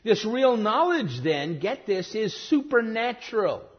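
A male pastor preaching a sermon, with a husky, high voice that swings widely in pitch. He repeats key phrases for emphasis. The recording sounds dull and lo-fi. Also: sing-song, unhurried.

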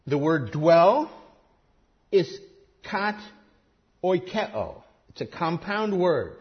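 A man preaching a sermon emphatically, rising to stress key words and then dropping low and quiet. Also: expressive, takes it slowly, highs cut off.

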